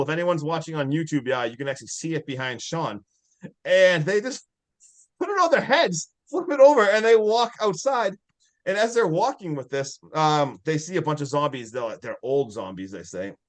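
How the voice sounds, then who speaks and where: A man co-hosting a casual podcast, retelling a movie scene by scene. His voice sits a bit high for a man. He rambles, stacks fillers and breaks into laughs as he goes. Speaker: podcast co-host.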